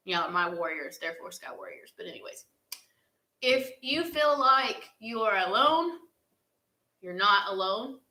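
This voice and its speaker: A woman's voice: medium pitch, pushed and bright. A young woman answers fan questions in an earnest, heartfelt casual chat, with laughs along the way. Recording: echoey room.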